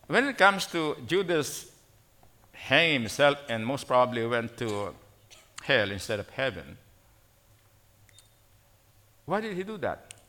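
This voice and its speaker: A male preacher delivers a sermon in a church, his tone bright and forceful. He repeats key phrases for emphasis and keeps asking the congregation "okay?". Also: medium pitch, big pitch swings, measured pace, long pauses.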